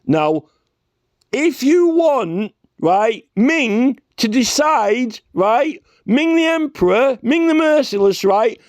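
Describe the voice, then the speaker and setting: A man's voice: very high-pitched, no room sound, clean studio sound. A man delivering a rambling, profane rant straight to camera, checking in with a constant "right?". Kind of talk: ranting vlog monologue.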